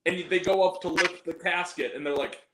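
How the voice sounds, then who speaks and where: A man giving a casual film review, animated, laughing often and acting out scenes in lively quoted voices. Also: high-pitched, brisk. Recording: echoey room with faint noise.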